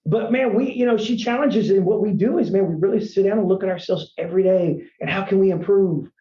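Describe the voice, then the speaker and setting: A man's voice: high voice, brisk. Earnest man in an echoey room. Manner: earnest, rambling, peppers speech with "man". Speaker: franchise company CEO, podcast guest. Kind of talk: casual storytelling interview. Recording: echoey room, dull lo-fi sound.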